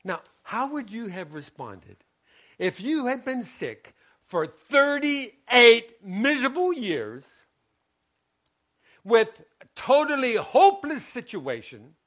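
A man's voice: extremely high pitch, slow pace. A male preacher giving a sermon, retelling a scripture story and acting out its scenes. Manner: storytelling, acts out scenes, animated.

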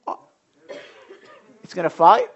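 A man's voice: normal speed, lo-fi sound. Joking, conversational man preaching. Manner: jokey, conversational preaching with asides. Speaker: pastor. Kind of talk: sermon.

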